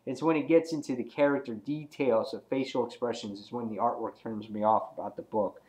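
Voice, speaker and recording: A man giving a casual, excitable comic book review, rambling with lots of "he's like" asides. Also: medium pitch, fairly quick.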